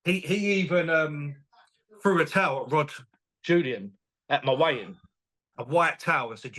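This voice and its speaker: A man, a boxing promoter chatting as a guest in an interview, animated and quick to laugh. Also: on the high side. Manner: animated, enthusiastic, laughs often, retells dialogue. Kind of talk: casual interview chat.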